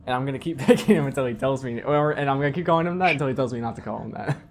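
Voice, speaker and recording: A man's voice: mid-range voice, very fast. A young man co-hosting a podcast, joking playfully through his picks and laughing often. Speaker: podcast co-host. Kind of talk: casual sports picks chat. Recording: clear background noise.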